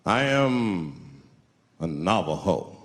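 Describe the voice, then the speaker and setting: A man doing a deadpan, slow Navajo man. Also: low-pitched, pitched below the performer's own voice, heavily acted.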